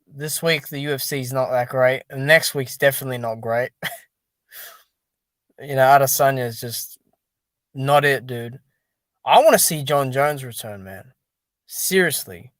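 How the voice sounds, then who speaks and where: A man's voice: mid-range voice, no echo. A man hosting a casual solo commentary on boxing and MMA, talking to his viewers in an exasperated, dismissive way and leaning on fillers like "dude" and "man". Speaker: boxing commentary channel host.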